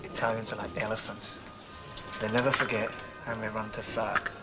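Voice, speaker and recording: An actor playing a deadpan middle-aged uncle at dinner, heard from a film clip with loud music and clattering dishes behind. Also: male voice, fairly low pitch, moderate pace, close to an everyday voice.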